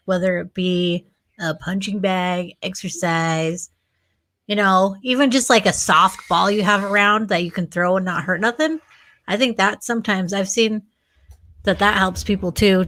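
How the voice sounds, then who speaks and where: A woman co-hosting a live recovery stream, speaking in a plain, relaxed, chatty way. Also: medium pitch. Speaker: co-host. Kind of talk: casual live-stream chat.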